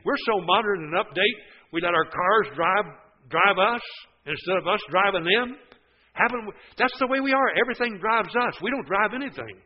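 An older man with a drawl preaches in a folksy, emphatic way, pressing his listeners with question after question. His voice sits fairly high for a man. The recording is dull and lo-fi. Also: animated, moderate pace. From West Virginia. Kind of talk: sermon.

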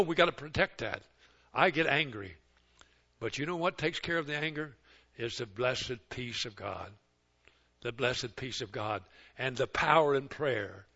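An older man preaching a sermon, folksy and story-driven. He swings between loud, emphatic exhortation and slow, hushed passages. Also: mid-range voice, animated. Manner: folksy storytelling that acts out others' words. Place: church service. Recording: muffled lo-fi recording.

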